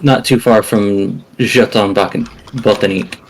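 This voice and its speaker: A man serving as game master and storyteller, pausing often and searching for words. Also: lowish voice, fairly even intonation. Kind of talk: narrating a tabletop game.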